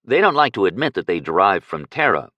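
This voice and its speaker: A man's voice: sits low, sing-song, fairly quick, sharp tone, no room sound, highs cut off, exaggerated voice. A male reader voicing a cautious, plainspoken young man who once lived as a beggar. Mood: plain. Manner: plainspoken, cautious, matter-of-fact.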